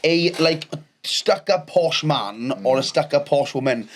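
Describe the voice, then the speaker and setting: A high-voiced man throws quick, sweary comments into a casual podcast chat. Clear crowd chatter sits behind him. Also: expressive. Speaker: podcast guest.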